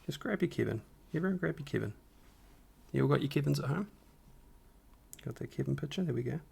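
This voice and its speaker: A man hosting a live stream with a rough morning voice, casually talking viewers through a Photoshop edit step by step. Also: mid-range voice, expressive, a little fast, warm tone. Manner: talks the viewers through each step, upbeat and encouraging. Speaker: stream host doing a Photoshop tutorial.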